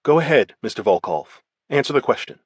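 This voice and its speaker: A man voicing a brisk, formal female prosecutor giving curt commands. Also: mid-range voice, sing-song, slightly rough, no echo.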